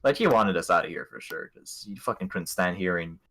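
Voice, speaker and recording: A man's voice: low-pitched, expressive, fairly quick, a bit bright, slightly rough. A young man from Montreal, hosting a casual podcast, telling rambling, profane, jokey travel stories. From Montreal, Canada. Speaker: podcast host. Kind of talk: casual storytelling chat.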